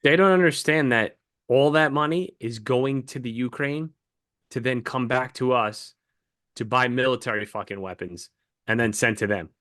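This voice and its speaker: A man's voice: mid-range voice, normal speed, fairly bright tone, no room sound, clean studio sound. A man co-hosting a podcast, ranting heatedly and swearing a lot in casual chat. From United States. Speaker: podcast co-host.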